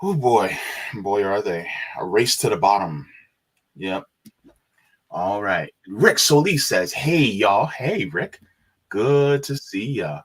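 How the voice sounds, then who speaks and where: A man's voice: lowish voice, animated, slow pace, slightly rough. A man co-hosting a live stream, greeting viewers and reading chat messages aloud with frequent laughs.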